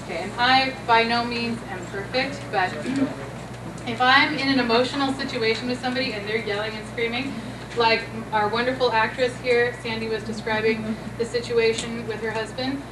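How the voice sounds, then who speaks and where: Gentle woman therapist in an echoey hall. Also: on the high side, fairly even intonation, moderate pace. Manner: gentle, coaching, acts out sweet quotes. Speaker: therapist leading a workshop. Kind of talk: conference talk with role-play. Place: conference room. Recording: echoey conference room from far off, noisy.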